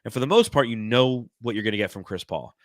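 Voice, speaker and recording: A man's voice: mid-range voice, expressive, fast, no room sound, clean studio sound. A man hosting a casual sports podcast, chatting in a laid-back, joking way. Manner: laid-back, joking, reads fan comments aloud. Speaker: podcast host.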